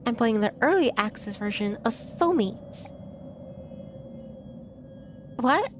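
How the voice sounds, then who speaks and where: A woman's voice: on the high side, lively intonation, slow, long pauses, noisy background. A woman streaming a game, chatting casually and playfully, reacting aloud to what happens on screen.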